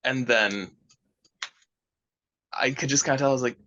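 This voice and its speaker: A man's voice: mid-range voice, moderate pace, bright, forceful tone, dry recording. Young male co-host, easygoing and hesitant, dry close sound, a bit dull. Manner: thoughtful, hesitant restarts, easygoing. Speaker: podcast co-host. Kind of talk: casual chat.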